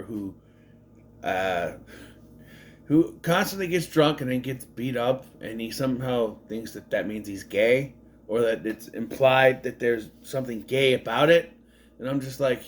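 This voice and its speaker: A man's voice: mid-range voice, lively intonation, measured pace, a little hiss or hum. Wry rambling man recapping a movie. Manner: wry, digressive, lots of restarts and asides. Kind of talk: casual rambling film recap.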